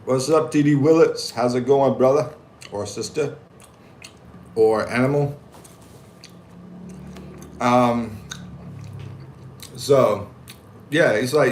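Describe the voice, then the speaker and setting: Slow and prone to long pauses, this medium-pitched American man hosts a casual livestream, narrating a story in animated slang and jokes while reading viewers' comments. There's a little hiss or hum in an echoey room with faint background ambience.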